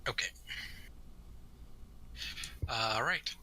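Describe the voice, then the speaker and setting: A man's voice: mid-range voice, lively intonation, extremely slow, pushed and bright. A man playing a tabletop game, thinking aloud and hesitating as he works out his turn. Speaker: player. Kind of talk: casual tabletop game play.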